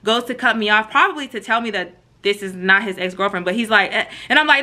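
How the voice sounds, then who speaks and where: A woman vlogger telling a story casually and straight to her viewers, animated and full of slang, acting out the quotes. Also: medium pitch, fast, hardly any pauses.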